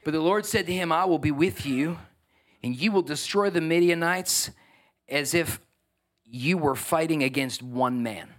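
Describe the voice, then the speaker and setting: A middle-aged man preaching from the pulpit, his voice sitting on the high side for a man. He moves between loud, lively exhortation and quiet, dropped asides, cracking jokes and calling out to the congregation. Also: unhurried. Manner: animated, jokey preaching with audience asides. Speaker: pastor. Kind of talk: sermon.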